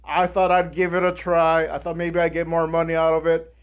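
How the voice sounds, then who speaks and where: A young man giving a guest speech, telling a personal story in an animated way and acting out the people in it. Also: a little high, fairly quick, clean tone, muffled recording. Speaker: guest speaker.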